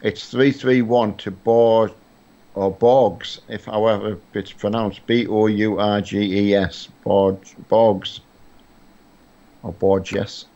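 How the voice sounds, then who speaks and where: A man's voice: on the low side, level tone, unhurried, mellow. Rambling middle-aged man, dull lo-fi stream audio. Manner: rambling, hesitant, many fillers and restarts. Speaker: streamer playing a truck game with his son. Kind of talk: casual live-stream chat.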